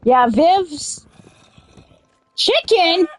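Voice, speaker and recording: A woman's voice: extremely high pitch, very animated, very slow, soft background music. A woman chatting casually while playing a game, rambling, drifting into silly riffs and swearing at it in sudden angry outbursts. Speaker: gaming streamer. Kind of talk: casual let's-play chat.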